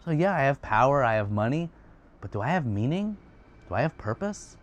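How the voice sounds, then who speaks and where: Troubled father and royal general, earnest, searching, mid-pitched, a storyteller putting him on. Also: sing-song, fairly quick, close to an everyday voice. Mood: doubting. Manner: earnest, searching, talks in questions.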